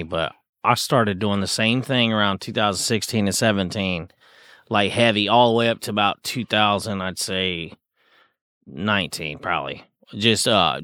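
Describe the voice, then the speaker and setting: A man chatting casually as a podcast host. He talks in an earnest, relaxed way and often says "dude". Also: on the low side, clear, resonant tone, dry recording, clean studio sound. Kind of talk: casual chat.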